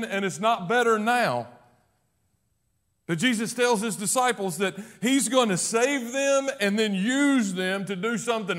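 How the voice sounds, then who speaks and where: A male pastor preaching a sermon, swinging from loud emphatic declarations to hushed, low passages.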